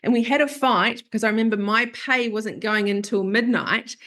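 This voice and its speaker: A woman's voice: a little high, normal speed, fairly bright tone. Woman podcast host, therapist, chatting real open about her own stuff, acts out what people said. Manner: open, confessional storytelling that acts out remembered quotes. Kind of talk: candid podcast conversation.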